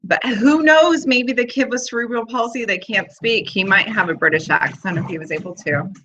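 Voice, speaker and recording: A woman's voice: a little high, normal speed, bright, forceful tone, muffled recording. A woman in her thirties hosting a casual video chat from home, rambling with lots of fillers. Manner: chatty, rambling, full of fillers. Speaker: host of a live video chat.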